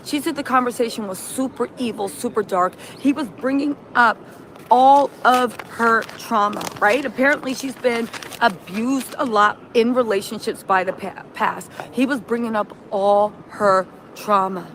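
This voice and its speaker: A woman's voice: moderate pace, a little hiss or hum. A woman hosting a live reaction stream, talking animatedly and reading out viewer comments. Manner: animated, acts out quotes in a shrill yelling voice; reads viewer comments and greets chat.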